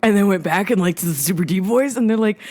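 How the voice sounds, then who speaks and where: A woman's voice: medium pitch, fast, darkish tone. A young woman co-hosting a podcast, chatting casually and acting out the voices in her stories. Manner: storytelling, acts out quoted voices. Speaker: podcast co-host. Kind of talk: casual chat.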